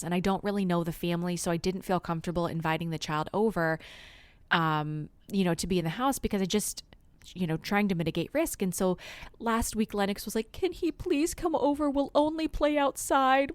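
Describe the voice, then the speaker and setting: A woman co-hosting a podcast, telling relaxed stories about her kids in casual chat. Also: medium pitch, no room sound. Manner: chatty, laughs often, relaxed storytelling. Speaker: podcast co-host.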